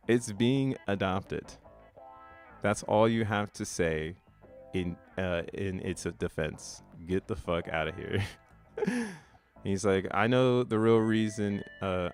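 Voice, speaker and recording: A man casually streaming, reading social media posts aloud with profane slang and frequent laughter. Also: low-pitched. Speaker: crypto streamer.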